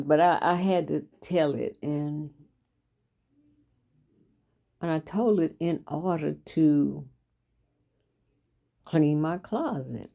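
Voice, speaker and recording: A woman's voice: deep voice, vocal fry, warm tone. An older woman hosting her own show, telling stories from her life in a folksy, chatty way. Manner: folksy, chatty, repeats herself. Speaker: host and author. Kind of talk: casual storytelling monologue.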